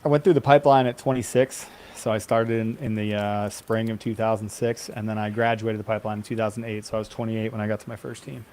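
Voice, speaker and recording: A man's voice: fairly low pitch, steady tone, darkish tone, slight background noise. A man in his forties on a panel, joking and swearing in casual chat. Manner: fast, profane, joking.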